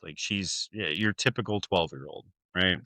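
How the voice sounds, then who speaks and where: A man's voice: low voice, moderate pace, bright, forceful tone, dry recording. A man co-hosting a podcast, casually retelling a horror film with lots of fillers and swearing. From United States. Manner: loose, profane storytelling with many fillers. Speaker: podcast co-host. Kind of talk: casual movie recap chat.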